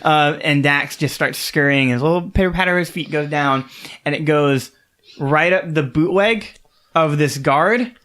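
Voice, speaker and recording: A man's voice: on the high side, a little slow, fairly bright tone. Man running a tabletop game. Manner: casual, rambling, with frequent fillers. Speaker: game master.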